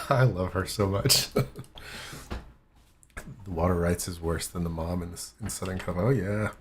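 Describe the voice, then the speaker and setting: Man, streamer, slow casual chat, lowish voice, giggly. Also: slight background noise. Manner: relaxed, giggly, rambling. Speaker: streamer reacting to clips.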